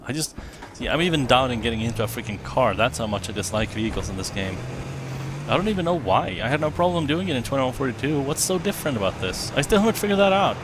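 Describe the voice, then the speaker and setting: A man chatting his way through a shooter game, rambling and correcting himself mid-thought. His voice sits at an everyday middle pitch. Loud gunfire and engine noise from the game play clearly under him. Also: expressive, fast. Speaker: let's play commentator. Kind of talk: casual gameplay commentary. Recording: game audio behind voice, gunfire and vehicles. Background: game gunfire and explosions.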